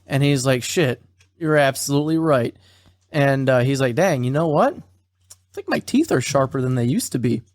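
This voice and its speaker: A man's voice: medium pitch, normal speed, no echo. Casual man recapping a story, dry close mic. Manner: quotes characters in a flat retelling voice, swears casually. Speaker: podcast co-host.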